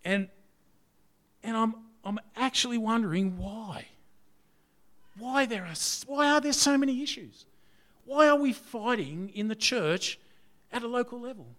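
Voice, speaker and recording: A man delivers a sermon in a chatty, searching way, stacking up rhetorical questions. His voice sits high and rings bright and forward. He swings between pushing hard and dropping almost to a murmur. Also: animated, a little slow, pauses often. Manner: conversational, rhetorical questions, wide swings in loudness. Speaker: preacher.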